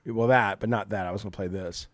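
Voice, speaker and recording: A man hosting a livestream, swearing heavily and swinging from low mumbled asides to loud indignant rants. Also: steady tone, fast, no room sound, faint music behind. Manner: heavy swearing. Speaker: livestream host. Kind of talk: profane livestream rant.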